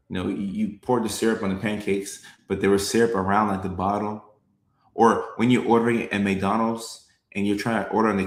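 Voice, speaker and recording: A man's voice: on the low side, reverberant. A young man, a comedian, chatting casually on a live stream, reading comments and repeating his lines with a laid-back chuckle.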